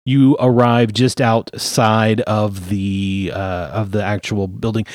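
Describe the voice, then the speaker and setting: A man running a tabletop game as game master, narrating in an unhurried, hesitant way with fillers. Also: fairly low pitch, level tone, a little mellow, dry recording, clean studio sound.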